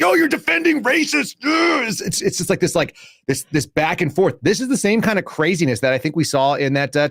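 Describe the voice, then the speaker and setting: A man's voice: medium pitch, no room sound, clean studio sound. A man hosting a podcast, delivering sarcastic, combative political commentary. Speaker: podcast host.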